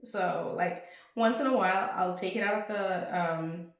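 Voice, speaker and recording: A young woman vlogging to camera in a rambling, chatty way at home, with bursts of excitement. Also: on the low side, unhurried. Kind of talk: casual chat to camera. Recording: very echoey room.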